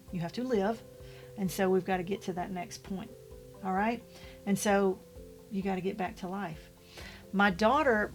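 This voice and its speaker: Blunt motherly woman giving tough love. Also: medium pitch. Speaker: widow vlogger giving advice. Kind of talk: casual motivational talk to camera.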